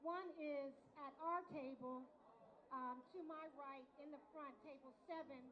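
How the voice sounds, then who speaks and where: A woman's voice: high voice, steady tone, measured pace, lo-fi sound. A woman speaking at a luncheon from a microphone, chatty and talking straight to the audience. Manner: chatty, addresses the audience directly. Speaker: event speaker for a prosecutor's office unit. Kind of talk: speech at a luncheon. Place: large hall at a luncheon event.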